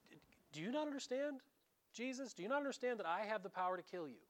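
A man's voice: high-pitched, very animated, slow, fairly bright tone, pitched above the performer's own voice, full character voice. A man voicing an exasperated Roman governor who presses a silent prisoner with incredulous, demanding questions.

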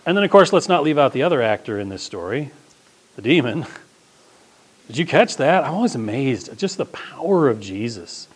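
A man's voice: mid-range voice, big pitch swings, moderate pace, breathy edge. A man preaching a sermon as pastor, talking in a conversational, emphatic way.

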